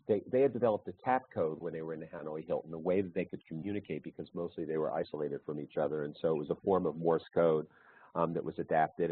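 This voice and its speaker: A webinar presenter with a deep, slightly husky voice talks in an easygoing, conversational manner, telling anecdotes. The sound is dry, without echo, and squeezed into a narrow, phone-like band as on a video call.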